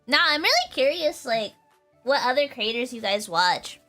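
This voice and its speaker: Bright, lively young woman streamer with a giggly, animated voice. Faint music plays behind her. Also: high-pitched, moderate pace. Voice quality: giggly, bubbly. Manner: animated, playful, often breaking into laughter. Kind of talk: casual chat reading viewer comments.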